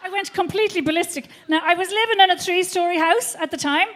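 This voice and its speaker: A middle-aged woman with an Irish accent works a theatre crowd through a stand-up routine. Her voice sits high, and she tells the story with lively, foul-mouthed energy. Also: quick pace. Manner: animated, swearing storyteller. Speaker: stand-up comedian. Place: theatre stage before a live audience.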